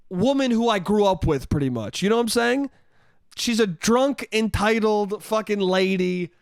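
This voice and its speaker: A young man hosting a solo podcast, telling a story in an animated, profane way and acting out the people in it. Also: high-pitched, moderate pace, dry recording, studio quality. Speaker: podcast host.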